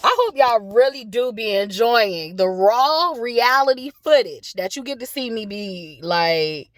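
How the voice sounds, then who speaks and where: High-voiced woman ranting bluntly in her car. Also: lively intonation, measured pace, no room sound. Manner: blunt, profane, laughs often between lines. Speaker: vlogger. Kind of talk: casual rant to camera. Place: parked car.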